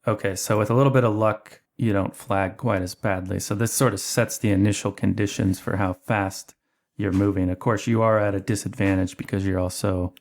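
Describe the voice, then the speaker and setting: A man's voice: lowish voice, fairly quick. Easygoing man running a horror game. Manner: relaxed, thinking aloud with fillers. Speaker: game master. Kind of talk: narrating a tabletop horror game.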